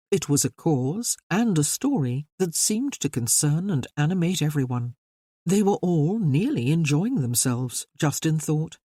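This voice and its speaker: A narrator reading a period romance novel aloud with an expressive delivery. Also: medium pitch, no room sound, clean studio sound. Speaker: audiobook narrator.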